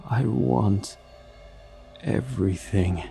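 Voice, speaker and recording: A man voicing a menacing male monster who speaks in a slow Texas drawl and hisses his threats. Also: fairly low pitch, creaky, dark tone, soft background music, full character voice.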